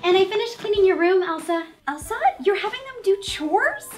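A woman's voice: extremely high pitch, animated, moderate pace, soft background music. Woman playing a blunt young princess sister. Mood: puzzled. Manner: blunt, quizzical. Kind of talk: comedy sketch acting.

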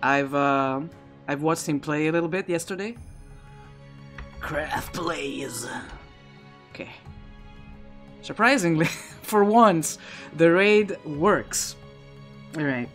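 This man's pitch is fairly high and his tone fairly bright, but he speaks extremely slowly with frequent pauses, faint music behind him. Streaming a game live on Twitch, he gives rambling commentary through his own streaming microphone, restarting sentences again and again.

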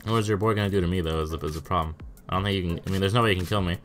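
Racing along in a low voice with fairly even intonation, a young man provides profanity-laced commentary over his online gameplay as faint music plays behind him. This gaming YouTuber keeps stammering in bursts and crying out in disbelief.

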